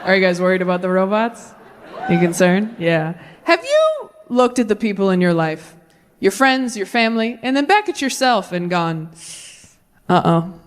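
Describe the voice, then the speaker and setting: A young adult woman performing a stand-up comedy set, animated, slipping into quick voices for the people in her stories. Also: mid-range voice, slight background noise. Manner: animated, slips into quick voices for friends, babies and her dad. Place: live comedy venue with audience.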